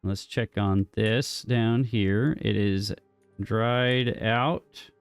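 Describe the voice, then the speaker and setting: A man's voice: lowish voice, very slow, smooth, no room sound, faint music behind. A man casually commentating his own gameplay, thinking aloud and joking with the game as he builds. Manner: thinks aloud, jokey, talks to himself and the game. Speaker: gaming streamer.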